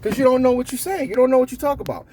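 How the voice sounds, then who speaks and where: A man's voice: very high voice, rapid-fire, darkish tone, slight background noise. A man vlogging in a casual, profane monologue with a blunt, joking manner. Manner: joking, blunt, swears a lot, slips into impressions. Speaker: vlogger giving workplace advice.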